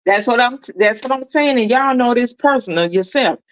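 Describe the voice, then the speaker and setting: A woman's voice: a little high, lively intonation, normal speed, no echo, muffled recording. Emphatic woman talking to her viewers. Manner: emphatic, keeps asking viewers if they follow. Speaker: reaction video host. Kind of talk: casual commentary to viewers.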